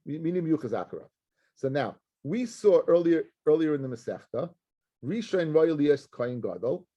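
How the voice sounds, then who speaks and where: A middle-aged rabbi walks his students through a Talmud page, his voice pitched a little high and slightly husky. He talks animatedly, mixing English with Hebrew and Aramaic terms. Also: big pitch swings, moderate pace, warm tone. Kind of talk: Talmud class lecture.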